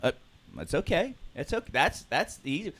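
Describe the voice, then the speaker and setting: Earnest man leading a lively group talk. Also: fairly high pitch, normal speed. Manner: emotional, earnest, often clears his throat. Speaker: recovery group leader.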